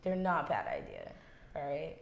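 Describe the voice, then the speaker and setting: A woman's voice: low voice, huge pitch swings, a little slow, vocal fry, muffled recording, slight background noise. A woman co-hosting a podcast, chatting casually in a playful, crude way. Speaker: podcast co-host. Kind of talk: casual chat. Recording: echoey room.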